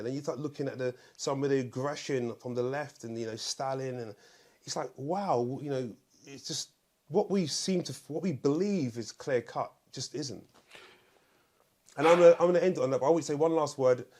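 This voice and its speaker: A man hosting a talk show in casual conversation, earnest, often pausing to search for words. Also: medium pitch, a little mellow.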